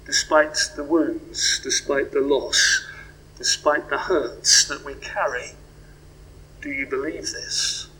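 A man preaching a sermon in a reflective way, moving between hushed questions and swells of emphasis. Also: mid-range voice, steady tone, takes it slowly, slight background noise, rough recording.

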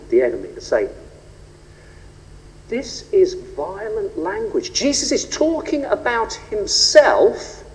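A man preaching a sermon, rhetorical and animated, rising and falling for emphasis. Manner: animated, rhetorical, shifts pitch and pace for emphasis. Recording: long reverb of a large hall.

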